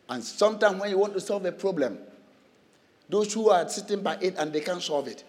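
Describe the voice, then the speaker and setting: Male preacher, high and lively delivery, asks the room questions, laughs a lot; long reverb from the church hall. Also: fairly quick. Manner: animated, asks the congregation questions and laughs often. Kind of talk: sermon.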